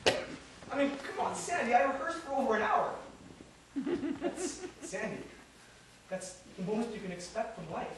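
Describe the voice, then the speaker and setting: An actor playing a restless, witty out-of-work New York man in a stage monologue, rambling and animated, mimicking passers-by. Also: very high-pitched, measured pace, pauses often, exaggerated voice. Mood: wry. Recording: echoey room from far off, noisy.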